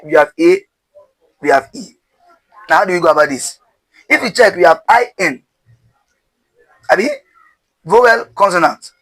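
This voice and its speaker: A man's voice: high-pitched, a bit bright, rough recording. A man teaching pronunciation step by step, drilling syllables with call-and-response and asking rhetorical questions.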